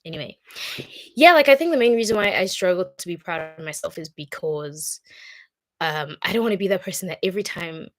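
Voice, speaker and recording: A young woman chatting to the camera in a casual vlog, sounding emotional and close to tears. Her voice sits a little low for a woman, and she jumps between soft asides and loud, excited bursts. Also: a little fast, a little hiss or hum. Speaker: vlogger. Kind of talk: casual vlog, talking to her future self.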